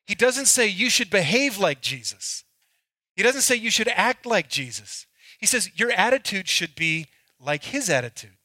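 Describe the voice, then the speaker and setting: A man's voice: sits high, sharp tone, no echo. A middle-aged man, a pastor, preaching a sermon and telling candid, self-mocking stories about himself.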